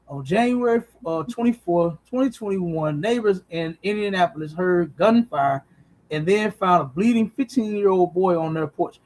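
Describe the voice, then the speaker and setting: High-voiced man preaching on a podcast. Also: normal speed, a little mellow. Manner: emphatic, profane, repeats "you understand?". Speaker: podcast host.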